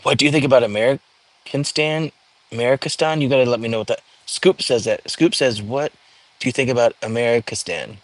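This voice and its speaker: A man's voice: mid-range voice, fast. A young man hosting a casual livestream, reading viewer comments aloud and chatting back in an easygoing way. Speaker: livestream host. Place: home.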